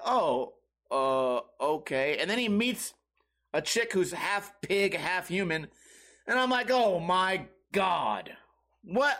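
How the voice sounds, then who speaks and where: A man's voice: high voice, a bit bright. A man hosting a solo comedy podcast, rambling in a profane, sarcastic way and slipping into mocking quoted voices. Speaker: podcast host.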